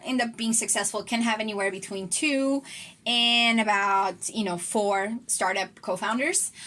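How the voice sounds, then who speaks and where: A young woman in her twenties chats to the camera in a casual vlog. Her voice is bright and fairly high. She sounds enthusiastic and fills her talk with likes and ums. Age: 20s. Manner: chatty and enthusiastic, many fillers. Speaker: entrepreneur vlogger. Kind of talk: casual talking-head vlog.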